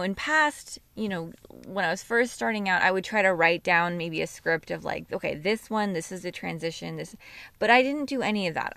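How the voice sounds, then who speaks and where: A woman hosting a podcast, talking through a reflective monologue while sleepy and yawning, slow and musing with self-corrections. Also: medium pitch, vocal fry, a bit bright, no room sound. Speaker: podcast host and yoga teacher.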